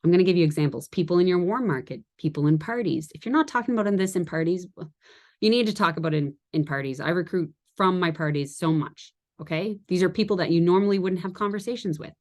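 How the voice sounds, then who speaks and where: A woman with a notably low, deep voice talks her sales team through a training in a loose, chatty way. She laughs at her own jokes and often drifts into side stories before pulling herself back on track. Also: quick pace. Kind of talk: casual training talk to a team.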